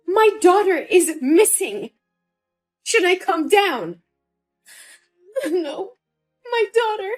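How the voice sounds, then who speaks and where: A woman's voice: high voice, sing-song, unhurried, pauses often, a little mellow, soft background music. A woman voicing a young mother who pleads in distress over her missing daughter, in a dramatized story. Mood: distraught.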